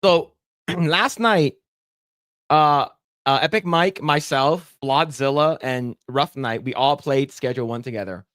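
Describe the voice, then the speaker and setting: Recorded with clean studio sound and no room sound, a podcast co-host speaks at a measured pace in a slightly high, fairly bright voice. His casual storytelling is a wandering gaming anecdote, loaded with fillers and punctuated by frequent laughter.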